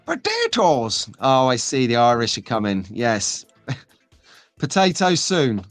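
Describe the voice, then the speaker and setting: A man's voice: mid-range voice, very animated, slow, no echo, soft background music. Chatty rambling male stream host. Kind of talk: live stream chat, reading viewer comments.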